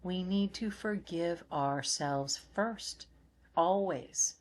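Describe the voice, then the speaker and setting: A middle-aged woman talks through an oracle card reading, her voice sitting low for a woman. She takes her time, slow and soothing, circling back over her own phrases as she reflects. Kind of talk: spiritual card reading talk.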